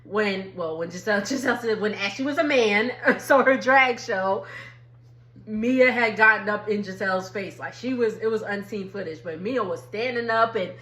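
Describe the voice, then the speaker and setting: A woman's voice: medium pitch, normal speed, fairly bright tone, echoey room. A woman, chatting casually through a TV recap and laughing as she acts out quotes. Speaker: reality TV recap YouTuber.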